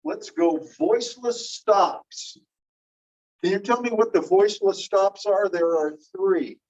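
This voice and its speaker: A slow, unhurried teacher working through a phonetics lesson, stopping to quiz the class. The sound is dull and lo-fi, like a plain classroom recording. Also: medium pitch, a little mellow. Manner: patient, quizzing students with questions. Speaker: linguistics teacher. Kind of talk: classroom lecture.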